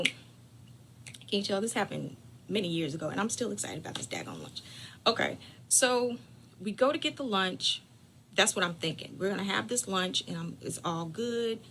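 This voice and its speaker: A woman telling a family story to her audience in a bright, forceful voice. She talks straight to her listeners, plays up the drama, and sometimes sinks to a whisper for effect. A faint hum sits behind her. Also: medium pitch. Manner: lively, dramatic storyteller who drops to whispers for suspense; chatty, addresses listeners directly. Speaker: caregiving channel host. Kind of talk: personal storytelling.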